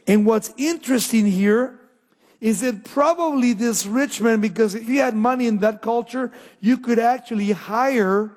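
A male pastor preaching a sermon, asking the crowd questions and answering them with emphatic, drawn-out pauses. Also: very high voice, a little mellow, in a large hall.

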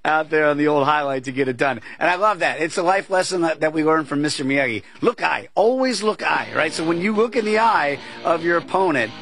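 A man's voice: fairly high pitch, quick pace, few pauses, fairly bright tone, faint music behind. A man hosting a sports betting talk show, chatting casually with asides and tangents. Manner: chatty, conversational, fond of asides.

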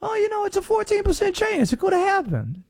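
A man's voice: extremely high pitch, huge pitch swings, quick pace, creaky, a little mellow, dry recording, studio quality, pitched above the performer's own voice, heavily acted. A man putting on a Southern conspiracy guy. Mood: scheming. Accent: Southern US, put on. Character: conspiracy-minded man with put-on Southern drawl.

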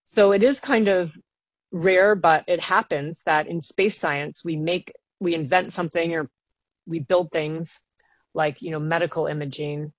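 Low-voiced earnest woman scientist. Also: fairly even intonation, a little slow, dry recording. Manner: earnest, enthusiastic, explains at length. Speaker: planetary scientist guest. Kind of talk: radio interview.

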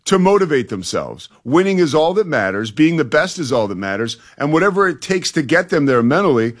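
A man's voice: on the high side, very animated, brisk. Confident male sports radio co-host. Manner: confident, emphatic opinions.

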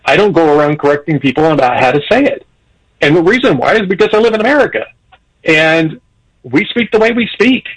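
A man discussing politics on a radio talk show, animated, chuckling, with frequent restarts. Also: on the high side, brisk, poor audio. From Irish heritage. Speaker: political commentator.

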